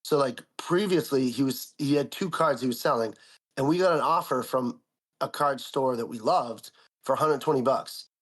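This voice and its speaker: Animated man ranting through a story. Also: mid-range voice, normal speed. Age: young adult. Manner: animated, indignant storytelling with lots of "like". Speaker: podcast co-host. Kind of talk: casual storytelling chat.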